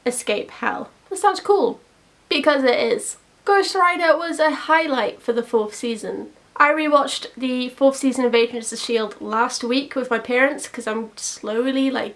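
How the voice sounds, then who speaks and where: A young woman giving casual, opinionated commentary to her channel, chatty and quick to laugh at her own jokes. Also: a little high. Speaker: YouTuber.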